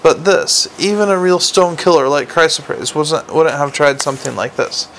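This is a man reading a fantasy audiobook, stumbling and restarting words often as he goes. His voice is on the high side and a bit bright, at a moderate pace, with slight background noise.

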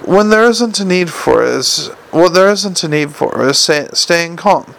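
A man's voice: expressive, unhurried, gravelly, a bit bright, heavily acted, low-quality recording. A man voicing an exasperated, gloomy schemer. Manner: agitated and exasperated, rising in pitch. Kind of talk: audiobook character voice.

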